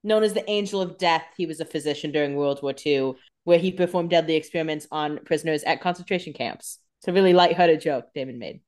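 A woman's voice: deep voice, quick pace, hardly any pauses, darkish tone. A young adult woman co-hosting a podcast, chiming in with joking, sarcastic asides during a casual TV recap. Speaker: podcast co-host.

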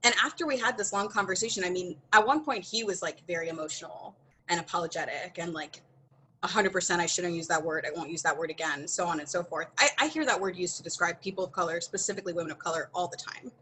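Guest spot: American woman, bright and forward voice, candid and expressive, laughs through the story. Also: fairly low pitch, fast, slight background noise, low-quality recording. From United States. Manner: earnest and expressive, often laughing mid-story. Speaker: podcast guest.

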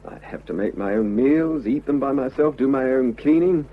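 An actor playing an unhappily married man who confesses his love, earnest and halting, in a vintage radio drama. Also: medium pitch, lively intonation. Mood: earnest pleading. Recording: dull lo-fi old radio recording.

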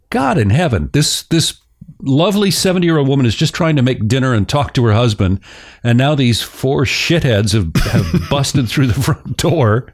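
Brief: male podcast host, lively up-and-down delivery, joking, loose and chatty. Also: medium pitch, unhurried. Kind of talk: casual storytelling podcast.

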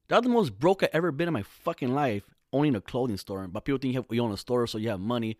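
A man ranting casually to camera, swearing heavily in fast slangy talk that swings into loud outbursts. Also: medium pitch, lively intonation, dry recording, clean studio sound. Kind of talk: casual profane rant to camera.

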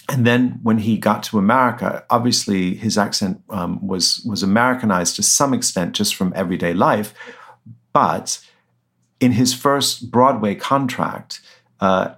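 Male author guest, somewhat low voice, halting and hesitant, restarts often. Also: fairly bright tone. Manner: hesitant, many fillers and restarts, chuckles. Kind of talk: interview answers.

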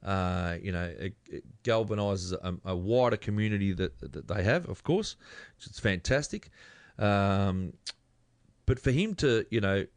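Lively Australian male co-host, casual footy talk, animated delivery, dry studio sound. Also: measured pace, dry recording. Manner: animated, rising to high exclamations. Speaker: podcast co-host.

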